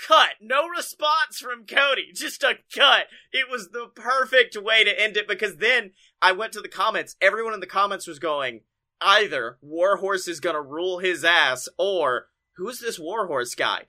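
A man co-hosting a casual podcast chat, excitable and swearing freely, acting out quotes with loud outbursts. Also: high-pitched, moderate pace. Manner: excitable, swears a lot, acts out quotes with big shouts. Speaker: podcast co-host. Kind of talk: casual chat about wrestling.

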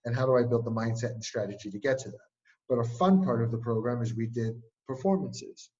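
On a muffled recording, a man with a mid-range voice chats casually as an interview guest who works as a speaking coach. His storytelling is energetic and packed with "like" fillers.

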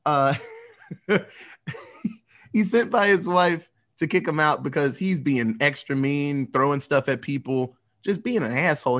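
A man's voice: on the high side, a bit bright. A man hosting a podcast who casually recaps a film as a rambling storyteller. He swears often and laughs as he talks. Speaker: podcast host.

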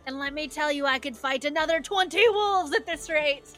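A woman voicing a boisterous, tipsy old male dwarf who runs a tavern, with loud, jovial exclamations. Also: high-pitched, normal speed.

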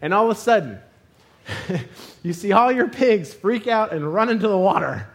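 A man preaching a sermon, retelling a story with lively humor and putting on funny voices for the characters. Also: high-pitched, normal speed.

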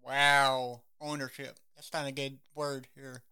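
A man's voice: medium pitch, level tone, takes it slowly, sharp tone, smooth. A man co-hosting a podcast, chatting casually about songs, hesitant with many fillers and trailing words. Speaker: podcast co-host.

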